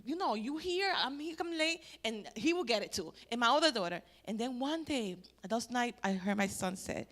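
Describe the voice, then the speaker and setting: A middle-aged woman giving a personal testimony at a church family event. She swings between loud exclamations and near-whispers. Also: a little high, animated, moderate pace, hardly any pauses. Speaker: church family-life speaker.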